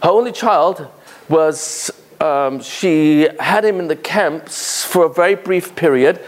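A man in his fifties preaching a Torah lesson with a fairly high voice. He builds to impassioned, emphatic peaks, then drops into a musing storyteller's tone full of fillers and restarts. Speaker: Torah speaker. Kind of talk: sermon.

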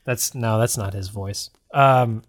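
A man's voice: lowish voice, takes it slowly. A man co-hosting a podcast brainstorm, who laughs often and leaves sentences unfinished. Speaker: podcast co-host. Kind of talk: casual brainstorming chat.

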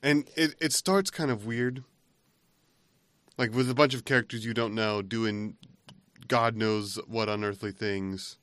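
Man, podcast co-host, casual rambling chat, fairly low voice, dry close sound. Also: steady tone, unhurried, fairly bright tone, clean tone, no echo. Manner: rambling, laughs at his own retelling.

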